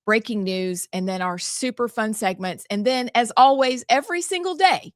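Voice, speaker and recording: A woman's voice: a little high, moderate pace, no echo. A woman, co-hosting a talk show and laying out the schedule in an upbeat way. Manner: upbeat, explains the show's schedule. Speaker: co-host. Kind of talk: casual talk-show chat.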